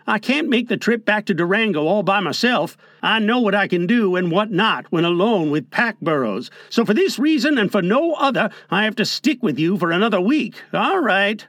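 A man's voice: high voice, big pitch swings, normal speed, hardly any pauses, a bit bright, no room sound, clean studio sound, full character voice. A man voicing a stubborn young prospector in a multi-voice audiobook reading, blunt and grudging.

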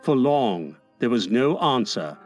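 A man narrating a storybook aloud in a dramatic way, shifting from hushed to lively. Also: mid-range voice, slow, soft background music. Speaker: audiobook narrator. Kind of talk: expressive storybook reading.

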